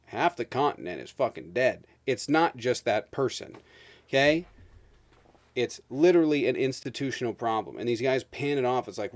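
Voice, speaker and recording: Male streamer, 30s, angry profane rant, mid pitch, dry close mic. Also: fairly quick, no echo. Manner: profane, ranting, emphatic. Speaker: streamer host. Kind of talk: heated political rant on a livestream.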